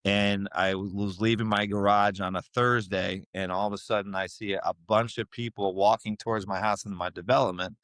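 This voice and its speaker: Low-voiced man telling his story. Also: moderate pace, hardly any pauses, no echo. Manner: animated storyteller, acts out quoted voices. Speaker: podcast guest. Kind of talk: storytelling in a casual interview.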